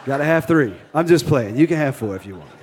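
A pastor with a Cajun accent preaching a sermon with energy, leading the congregation in call-and-response and cracking jokes. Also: male voice, mid-range voice, lively intonation, fast, background noise.

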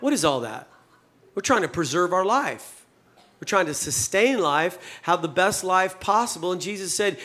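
A man with a high-pitched voice preaches a sermon, loose and conversational. He jokes with his listeners and acts out the dialogue of the scripture scenes. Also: expressive, moderate pace, fairly bright tone. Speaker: pastor.

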